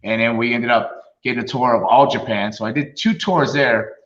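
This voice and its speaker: Telling stories at a moderate pace, a middle-aged former wrestler being interviewed casually laughs a lot and acts out other people's quotes. His voice is mid-range, bright, and forceful, while the recording sounds roomy, a bit dull, and lo-fi.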